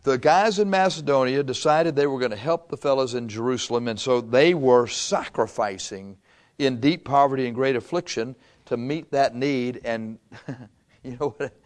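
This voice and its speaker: Guy preaching a sermon, laid back and chatty, laughs a lot, average pitch. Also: normal speed. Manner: conversational preaching, chuckling, reads scripture aloud. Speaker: pastor.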